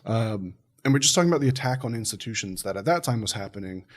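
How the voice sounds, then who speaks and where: A man's voice: lowish voice, quick pace. Easygoing man podcast host. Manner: relaxed, easygoing, filler-heavy. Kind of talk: casual conversation.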